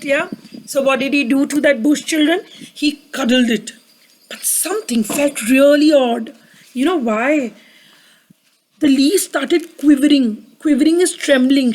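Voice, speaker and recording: On a low-quality recording, a high-pitched woman nursing a sore throat reads a picture book to children and has them repeat words with her. An adult mother of a daughter, she's acting as a children's storyteller.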